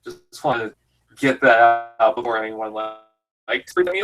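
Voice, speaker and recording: A man's voice: mid-range voice, unhurried, a bit bright, low-quality recording. A man giving casual, jokey commentary over a fan film, rambling and self-deprecating. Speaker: YouTube commentator.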